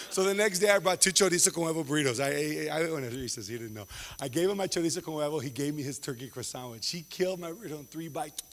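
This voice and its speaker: A man doing stand-up comedy, telling stories in a slangy, animated way and acting out the people in them. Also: a little high. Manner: animated, slangy, acts out characters in quick asides. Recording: long hall reverb.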